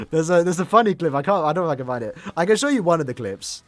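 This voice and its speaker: Lively young male game streamer. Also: fairly high pitch, fast talker, soft background music. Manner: chatty, restarts words, laughs easily. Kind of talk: casual live-stream chat.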